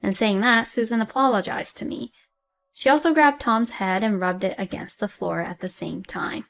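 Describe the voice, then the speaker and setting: A woman's voice: medium pitch, normal speed, gravelly, fairly bright tone, soft background music. A woman narrating a personal story plainly, in a matter-of-fact way.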